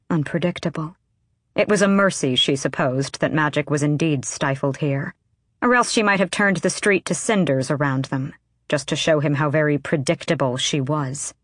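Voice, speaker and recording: A deep-voiced woman narrates an audiobook, keeping her storytelling measured and even. The recording is clean studio sound, free of echo.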